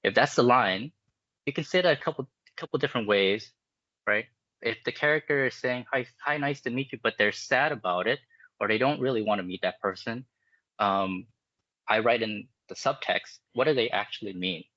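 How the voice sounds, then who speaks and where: A man's voice: lowish voice, normal speed, pushed and bright, no room sound, dull audio. A man, a game animator, talking casually in an interview, explaining his process with many fillers and restarts. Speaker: animator guest.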